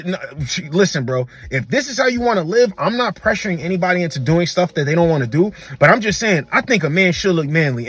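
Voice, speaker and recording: Blunt, slangy man with a high voice. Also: a bit bright, no echo. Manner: blunt, slangy, emphatic, repeats for emphasis. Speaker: dating commentator and coach. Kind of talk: reaction commentary.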